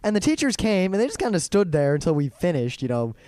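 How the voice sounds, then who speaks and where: A man's voice: sits high, wildly swooping pitch, quick pace, dark tone, smooth, no echo. Young man co-hosting a chatty podcast. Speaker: podcast co-host. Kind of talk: casual podcast chat.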